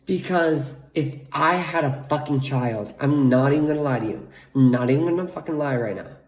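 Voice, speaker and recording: A man's voice: fairly high pitch, moderate pace, echoey room. A young man speaking candidly and emotionally to camera in a confessional monologue, blunt and full of swearing. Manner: candid, profane, emotionally raw. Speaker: vlogger.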